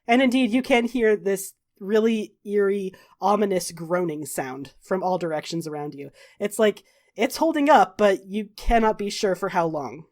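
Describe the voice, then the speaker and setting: A woman narrating a tabletop game as game master, swearing casually and slowing down for drama. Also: mid-range voice, darkish tone. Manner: laughs while narrating, drawn-out dramatic pacing.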